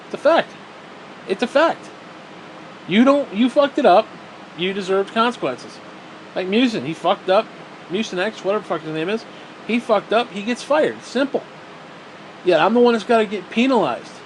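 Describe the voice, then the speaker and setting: A man's voice: high-pitched, lively intonation, moderate pace, long pauses, a little hiss or hum. A man angrily ranting about a video game in a profane, sarcastic, frustrated way. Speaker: gaming vlogger.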